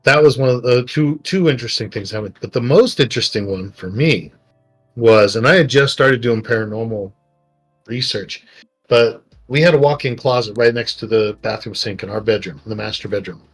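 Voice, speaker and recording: A middle-aged man, a podcast co-host, telling personal stories in a rambling, animated way and acting out quotes. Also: mid-range voice, moderate pace, husky. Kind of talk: casual storytelling chat. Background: faint background music.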